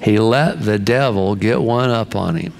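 A man's voice: lowish voice, measured pace, gravelly, darkish tone. An older man preaching a sermon in a folksy, conversational way, with frequent restarts. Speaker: pastor.

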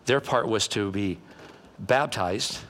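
A male pastor preaching a conversational sermon in a church, animated and folksy, joking and acting out quotes. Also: lowish voice, slow.

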